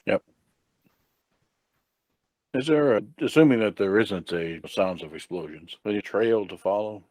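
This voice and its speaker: A man with a low voice plays in a tabletop game, describing his character's actions in a calm, decisive way. His voice sits dry and close to the mic. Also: measured pace, dry recording. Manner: calm, matter-of-fact, decisive. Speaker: player.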